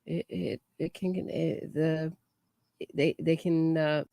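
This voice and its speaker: A woman's voice: low-pitched, flat delivery, slow, creaky, mellow, dry recording. A woman commentating on trial footage in a chatty way, often restarting and trailing off mid-thought. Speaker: true crime commentator.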